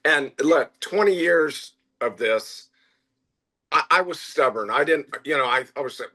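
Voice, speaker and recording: A middle-aged man with a bright, forward voice who tells animated stories as a guest. He acts out other people's lines and pads his sentences with fillers. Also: medium pitch, a little slow, slightly rough. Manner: animated anecdotes with acted-out quotes and frequent fillers. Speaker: guest, restaurant owner. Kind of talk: conversational interview storytelling.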